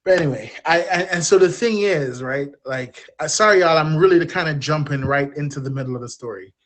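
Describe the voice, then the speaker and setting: A man's voice: on the high side, a little fast. A man, a podcast guest speaking openly and in a rambling, self-deprecating way. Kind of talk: candid personal storytelling.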